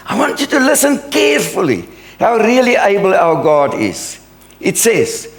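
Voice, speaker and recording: Emphatic male preacher, lively pitch. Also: echoey room. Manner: earnest, emphatic preaching with drawn-out phrases. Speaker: pastor. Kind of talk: sermon. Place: church sanctuary.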